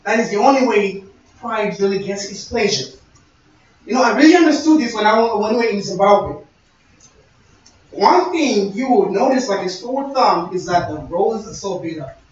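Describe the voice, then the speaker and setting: A man's voice: high voice, animated, moderate pace. A young man giving a sermon-style talk, conversational and storytelling with quoted dialogue. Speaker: speaker. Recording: echoey, distant, dull-sounding room recording.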